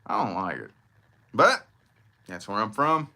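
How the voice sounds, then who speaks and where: A man from southern Indiana talks through a casual vlog monologue with a slight country twang. His low voice rises and falls with lively swings, and he swears freely and rambles. The tone is bright and forceful. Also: measured pace. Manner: animated, profane, rambling. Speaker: vlogger.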